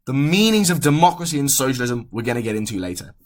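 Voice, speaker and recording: A young man hosting an educational podcast, explaining history in a relaxed way, often correcting himself mid-sentence. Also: mid-range voice, fast. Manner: casual, self-correcting, restarts sentences. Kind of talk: explainer talk.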